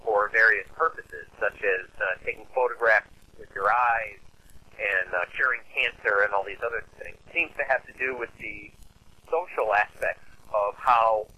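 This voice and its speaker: A man's voice: on the low side, moderate pace, sharp tone, husky, poor audio. A man in casual conversation, explaining a film's ideas at length in a thoughtful way, with many fillers. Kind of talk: casual film discussion.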